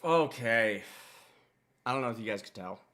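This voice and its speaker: A man's voice: mid-range voice, expressive, normal speed, a bit bright, a little hiss or hum. A man from Wisconsin hosting a music reaction channel, talking in a rambling, laid-back way with plenty of swearing. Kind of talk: casual reaction commentary.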